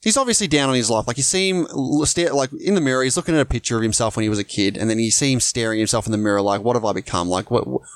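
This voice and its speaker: A man co-hosting a podcast, talking casually about a film, animated and laughing often as he argues his side. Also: mid-range voice, racing, few pauses, clear, resonant tone, no room sound. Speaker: podcast co-host.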